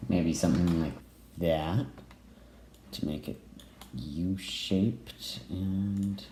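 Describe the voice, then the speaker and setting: A man giving casual let's play commentary while he builds, musing and halting with many pauses and fillers. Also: low voice, fairly even intonation, warm tone. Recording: echoey room, faint noise.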